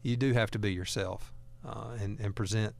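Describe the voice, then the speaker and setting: A man's voice: on the low side, steady tone, moderate pace, vocal fry, a little mellow. A man hosting a talk radio show, speaking in a folksy, earnest way and often repeating words as he goes. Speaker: radio host.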